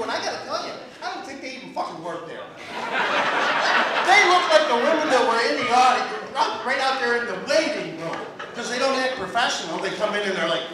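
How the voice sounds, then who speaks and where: Fifties American male comic, crude conversational stand-up, high-pitched, recorded far off in a very echoey club. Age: 50s. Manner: crude, conversational, keeps asking "right?". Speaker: stand-up comedian. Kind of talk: stand-up comedy set. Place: comedy club stage with a laughing audience. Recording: echoey room, distant mic, crowd laughter.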